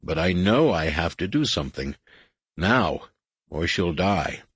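A man's voice: low voice, very animated, a little slow, fairly bright tone, husky, dry recording, heavily acted. A man voicing a young Jedi pleading with his dying wife, urgent and pleading. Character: anxious young male Jedi husband.

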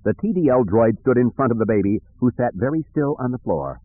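In a measured, even storytelling manner, a man reads scripted narration for an audiobook. His voice sits at medium pitch with no room sound, captured in a dry, tinny, phone-like recording.

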